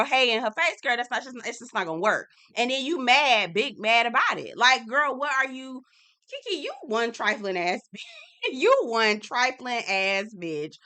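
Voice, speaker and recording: A woman's voice: medium pitch, bright, forceful tone. A young adult woman hosting a casual, sassy recap of a reality show, talking straight to viewers and laughing often.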